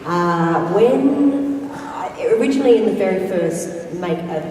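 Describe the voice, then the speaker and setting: A woman's voice: mid-range voice, expressive, measured pace, darkish tone, a little hiss or hum. A woman answering as a convention panel guest, playful, giggly and teasing. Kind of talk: casual panel chat. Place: large convention hall with audience. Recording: echoey hall, mic heard from far.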